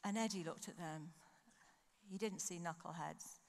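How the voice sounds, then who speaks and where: A woman speaker at a conference, preaching through an animated personal story and acting out her own thoughts. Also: fairly low pitch, moderate pace. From United Kingdom. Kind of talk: sermon with storytelling. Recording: long hall reverb.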